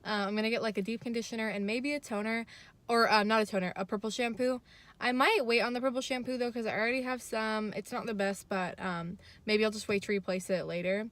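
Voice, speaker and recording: Chatty young woman vlogging, slightly high voice. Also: fast talker. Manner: chatty, self-mocking, jumps high when excited. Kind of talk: casual vlog chat. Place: in her car.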